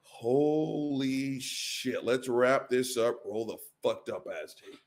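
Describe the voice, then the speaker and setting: A man's voice: mid-range voice, a little slow. A man hosting a reaction stream, ranting heatedly and swearing constantly as he comments on a debate clip. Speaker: show host.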